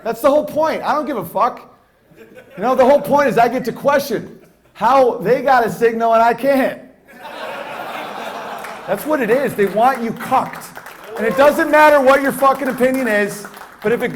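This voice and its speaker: Man playing a brash stand-up comic, high voice, rambling, laughs mid-line. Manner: rambling, provocative, laughs through lines. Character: brash male stand-up comic ranting onstage. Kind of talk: stand-up comedy bit.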